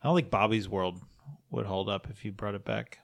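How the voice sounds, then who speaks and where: A podcast co-host speaking in a quiet, measured way. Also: low-pitched, gravelly. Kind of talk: casual chat.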